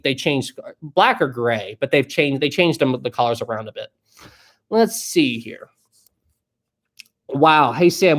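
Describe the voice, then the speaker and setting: A young man hosting a live stream, chatting casually and rambling as he reads viewer questions. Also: a little high. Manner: rambling and chatty, often laughing. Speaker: livestream host.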